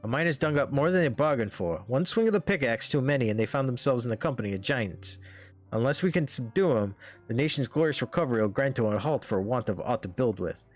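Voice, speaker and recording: A man doing a gruff mine worker with an accent. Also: medium pitch, lively intonation, faint music behind, close to an everyday voice. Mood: blunt. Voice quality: put-on regional accent, slangy. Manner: brisk and blunt. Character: rough-talking male mine worker, blunt and gruff.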